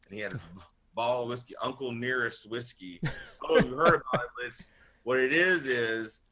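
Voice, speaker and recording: A man's voice: medium pitch, a little fast, background noise. A man on a casual podcast panel, telling a long rambling story full of swearing and laughter. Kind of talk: casual chat.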